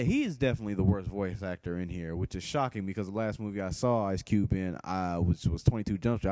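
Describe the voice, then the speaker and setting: A man's voice: fairly low pitch, warm tone, no room sound. A man giving a blunt, profane movie review, rambling with frequent restarts and fillers. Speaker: film reviewer. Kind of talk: casual spoken movie review.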